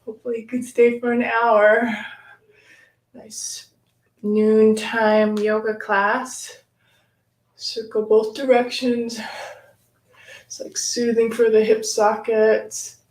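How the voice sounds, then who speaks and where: A woman guides a yoga class in a slightly high voice at an unhurried pace, a little out of breath as she demonstrates. She sighs between cues. The sound is roomy and distant, picked up by a camera mic some way off. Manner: slow, calm cueing with audible sighs. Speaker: yoga instructor. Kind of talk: live-streamed yoga class instruction. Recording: echoey room, voice from far off.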